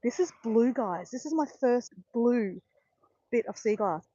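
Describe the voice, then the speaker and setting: A woman chatting excitedly to live viewers on a phone while walking outdoors on a beach. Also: on the high side, measured pace, dry recording. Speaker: walking vlogger on a live stream. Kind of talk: casual chat to live viewers. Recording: dull lo-fi phone audio.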